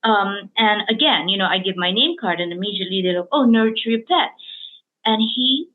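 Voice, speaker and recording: A woman's voice: mid-range voice, fairly quick. A woman hosting an interview, telling stories in an emotional, rambling way with many fillers. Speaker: host. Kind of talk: casual interview chat. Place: lives in Hong Kong. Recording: tinny phone-like line.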